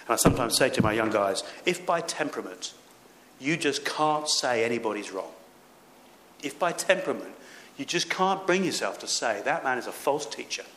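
A man's voice: mid-range voice, a bit bright. Earnest preaching man in an echoey room. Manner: earnest, emphatic preaching with rising exhortations. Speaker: pastor. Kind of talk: sermon. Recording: echoey room with faint background noise.

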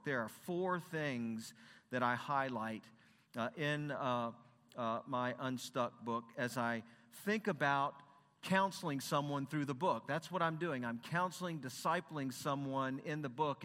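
A man's voice: medium pitch, fairly bright tone. A man who is a Christian counselor and former pastor gives an earnest, conversational sermon talk from a stage, asking the audience rhetorical questions. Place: stage in a large hall. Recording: long hall reverb.

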